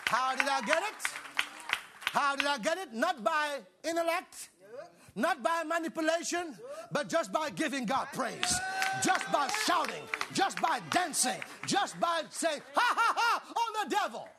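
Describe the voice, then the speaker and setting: A man preaching an exuberant sermon, often shouting and laughing, calling on the congregation to respond. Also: extremely high pitch, sing-song, measured pace, over a noisy crowd, very noisy.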